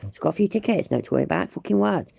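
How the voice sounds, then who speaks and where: A man's voice: on the high side, very animated, racing, creaky, darkish tone, husky, no echo, pitched above the performer's own voice, exaggerated voice. A man mockingly voicing a smug male driver who boasts about getting away with a traffic stop. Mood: gloating. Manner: gloating, mocking.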